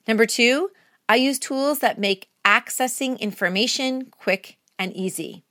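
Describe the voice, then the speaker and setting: A woman's voice: fairly high pitch, a little slow, bright, forceful tone, dry recording, clean studio sound. A woman hosting her own podcast, talking straight to listeners in an upbeat, encouraging, chatty way with casual fillers. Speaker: podcast host. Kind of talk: solo podcast outro, motivational.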